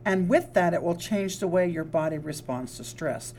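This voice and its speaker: This is a woman hosting a relaxed wellness talk in a somewhat low voice. She talks earnestly, stumbling and restarting with fillers as she explains ideas. A faint hum sits behind her. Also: normal speed. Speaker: co-host, psychologist. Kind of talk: casual podcast chat.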